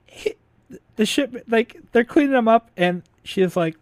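A man's voice: very high-pitched, expressive, takes it slowly, pauses often, darkish tone, no echo, studio quality. A man casually recapping a movie plot, rambling with lots of fillers, laughing and swearing now and then. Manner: rambling, filler-heavy retelling with frequent laughs. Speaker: podcast host recapping a movie. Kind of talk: casual chat.

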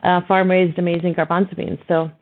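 A middle-aged woman, a hummus business founder, telling her story in a chatty, animated way with lots of fillers. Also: lowish voice, a little fast. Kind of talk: storytelling interview guest. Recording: tinny phone-like line.

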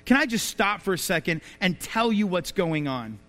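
A man with a high, light voice preaches to his congregation, spinning anecdotes and tossing out rhetorical questions. His words ring out with a long reverberant tail, as if spoken in a large church sanctuary. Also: expressive, moderate pace, a bit bright. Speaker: pastor. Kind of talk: sermon. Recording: reverberant hall.

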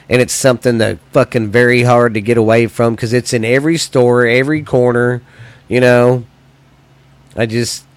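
A man's voice: medium pitch, clear, resonant tone, no echo. An American man hosting a podcast, delivering a heated, profanity-laden solo rant that rambles between points. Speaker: podcast host.

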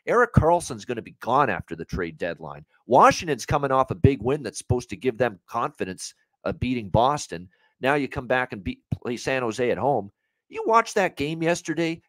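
A man's voice: mid-range voice, no room sound. A man co-hosting a sports betting podcast, ranting in heated, casual talk and swearing freely.

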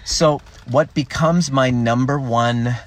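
A man coaching viewers in a casual live stream from home, animated and swearing freely between laughs. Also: medium pitch, takes it slowly, noisy background. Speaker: relationship coach. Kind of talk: casual Facebook Live talk.

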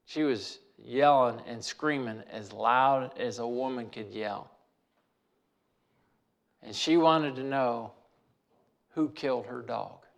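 A man's voice: mid-range voice, slow, creaky, long pauses. A man telling a personal story in a folksy way, repeating phrases for emphasis.

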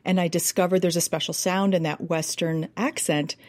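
An American woman with a somewhat low-pitched voice talks as an accent coach in an interview. She explains in an animated way and demonstrates sounds along the way. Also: normal speed, no echo, clean studio sound. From United States.

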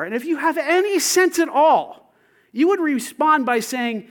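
A man preaching a sermon as pastor, swinging between loud calls and hushed asides. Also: extremely high pitch, expressive, unhurried.

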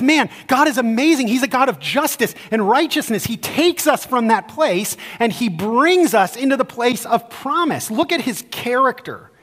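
A male pastor preaching a sermon in a church sanctuary, casual and lively, then going slow and low for scripture. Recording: long hall reverb.

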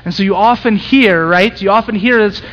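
High-voiced pastor preaching emphatically. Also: male voice, fairly quick, a bit bright, lo-fi sound. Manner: conversational, emphatic, rising to intense peaks. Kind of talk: sermon.

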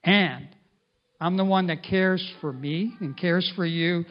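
A middle-aged male pastor preaching a sermon in an animated way, at times speaking in the first person as Jesus. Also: high voice, slow. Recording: dull lo-fi sound.

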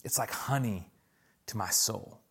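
A man's voice: lowish voice, unhurried, creaky, a bit bright, husky. A man preaching a sermon as pastor, calling out "come on" and pressing his points with rising intensity.

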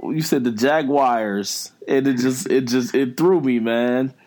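A man's voice: medium pitch, unhurried, darkish tone. A man co-hosting a casual sports podcast, talking in a rambling, joking way with lots of fillers. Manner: joking, rambling, apologetic teasing. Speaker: podcast co-host.

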